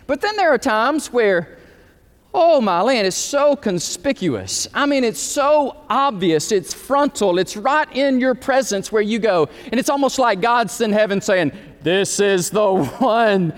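High-voiced animated pastor preaching. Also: male voice, long reverb tail. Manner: animated, storytelling with quoted dialogue. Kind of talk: sermon. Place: church sanctuary.

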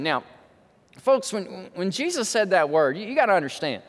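A man's voice: high voice, big pitch swings, normal speed, long reverb tail. A male pastor preaching a sermon, telling a story in a dramatic, emphatic way.

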